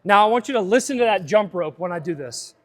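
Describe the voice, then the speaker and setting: Upbeat high-voiced male coach. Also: lively intonation, fast talker, slight background noise. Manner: upbeat, chatty, goes off on side tangents. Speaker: fitness coach. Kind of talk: live seminar instruction.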